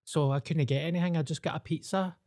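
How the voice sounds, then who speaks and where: A man's voice: on the high side, fairly even intonation, quick pace, darkish tone. A Glaswegian Scottish man co-hosting a casual comedy podcast, telling laid-back, dry anecdotes. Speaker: podcast co-host.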